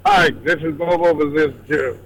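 A man's voice: on the high side, fairly even intonation, normal speed, a bit bright, low-quality recording. A man calling in as a wrestler, cocky and trash-talking. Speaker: wrestler caller.

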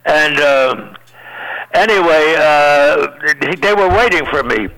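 An older man, a veteran comedian, telling show business stories in a lively, laughing way. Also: on the high side, slow pace, vocal fry, rough recording. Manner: animated storyteller, laughs often, acts out quotes. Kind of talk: casual anecdote chat.

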